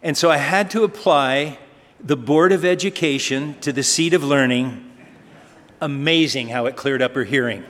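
A man's voice: medium pitch, moderate pace, fairly bright tone. Preaching man in a reverberant hall. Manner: conversational storytelling with rhetorical questions. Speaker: pastor. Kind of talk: sermon. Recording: long reverb of a large hall.

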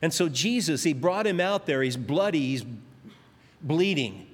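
A man's voice: a little high, animated, measured pace, big-room sound. A pastor preaching a sermon, emphatic, stretching out his climactic lines as his voice rises.

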